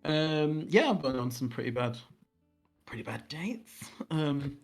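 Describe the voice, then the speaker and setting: A man's voice: fairly high pitch, expressive, a little slow. A man co-hosting a casual podcast, teasing his friend and chipping in with short quips. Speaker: podcast co-host. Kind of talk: casual chat. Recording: faint background music.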